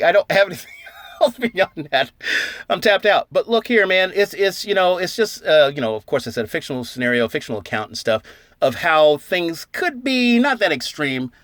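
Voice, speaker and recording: A man's voice: high-pitched, sing-song, a little fast, a bit bright, no echo, clean studio sound. A man hosting a casual vlog, telling a jokey made-up story and laughing as he acts out the dialogue. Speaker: silver stacking channel host.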